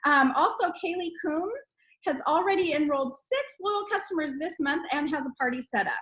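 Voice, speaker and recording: Bubbly high-voiced woman hosting a call. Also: normal speed, fairly bright tone, low-quality recording. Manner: bubbly, exclaims and laughs while reading names. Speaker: host of a team sales call. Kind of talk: upbeat recognition call.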